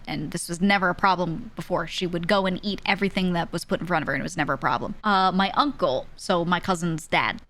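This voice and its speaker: A young woman streamer telling a story in a casual, animated way, often laughing and acting out the people she quotes. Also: fairly low pitch.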